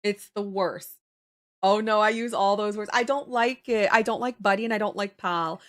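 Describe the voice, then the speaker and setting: A young woman chats casually on her live stream. Her voice sits at a middle pitch, and she laughs easily. She is animated and talkative as she reacts to her viewers' comments. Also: moderate pace. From Canada. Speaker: livestreamer.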